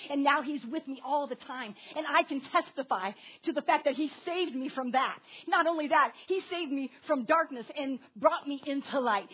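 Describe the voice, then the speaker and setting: High voiced lady preacher, animated sermon w kids in the room, dull muffled audio. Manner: animated, questions the listeners directly. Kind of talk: sermon to a congregation with children.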